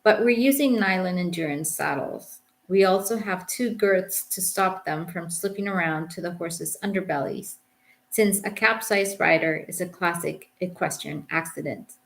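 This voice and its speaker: Woman, English accent, gravelly fry at the ends of phrases, memoir audiobook narration, reflective and wry. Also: lowish voice, moderate pace. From England. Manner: reflective, dry understatement. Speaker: author reading her memoir.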